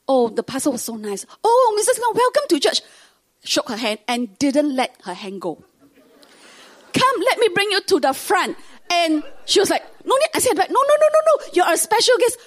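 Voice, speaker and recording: A woman's voice: a little high, slightly rough. A woman telling a testimony story in a sermon, acting out the voices of family members. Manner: animated, acts out quoted voices.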